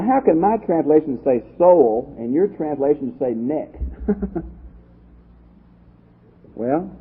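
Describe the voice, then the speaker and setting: Male pastor, Bible study class, husky, animated delivery, tinny lo-fi audio. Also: on the high side. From Texas. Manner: lively, conversational, asks the class questions. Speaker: pastor teacher.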